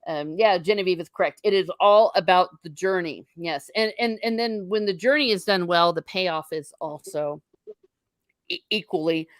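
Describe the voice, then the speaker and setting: A woman's voice: lowish voice, moderate pace, no room sound. Woman, casual chat co-host, rambling, fillers, dry close recording. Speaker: podcast co-host.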